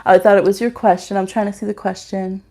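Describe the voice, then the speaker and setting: A woman gives live tarot readings from home, talking casually into her computer microphone. Her voice sits in a middling pitch, and she fills her speech with "um" and "like" as she reads out viewers' questions. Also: flat delivery, fast talker, a little mellow. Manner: chatty, reads chat aloud, many fillers and "like".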